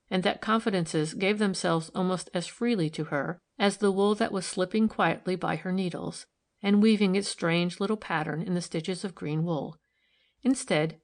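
A woman narrating a novel in a calm, even storytelling manner. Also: fairly low pitch, gravelly. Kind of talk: audiobook narration.

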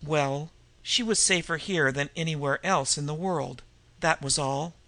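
A man reading a novel aloud in measured, even storytelling narration. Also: fairly high pitch, no room sound. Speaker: audiobook reader. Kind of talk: scripted narration.

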